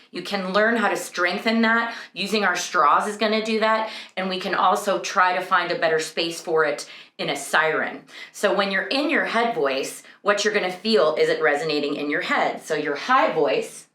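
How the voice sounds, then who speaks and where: A woman's voice: fairly low pitch, moderate pace, sharp tone. Woman vocal coach in an echoey room. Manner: explanatory, breaks into sung examples. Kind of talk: singing lesson with sung demonstrations.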